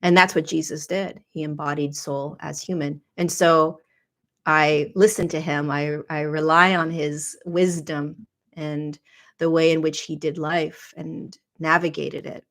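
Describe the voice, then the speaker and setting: A woman hosting a podcast, speaking in a low, gravelly voice. She tells a personal spiritual story in an earnest, confessional way, with plenty of vocal fry. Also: little pitch movement, a little slow. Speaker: podcast host.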